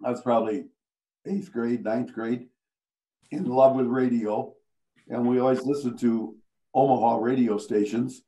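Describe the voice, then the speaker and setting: The older Iowa radio broadcaster speaks a little slowly in a medium pitch, an animated storyteller who chuckles through the funny parts. It's a low-quality recording.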